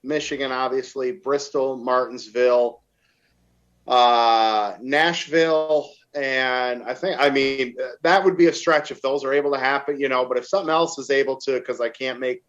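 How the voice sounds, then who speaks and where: A man's voice: medium pitch, steady tone, moderate pace, a bit bright, highs cut off. A man hosting a casual podcast, talking eagerly and at length. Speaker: podcast host. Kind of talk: casual chat.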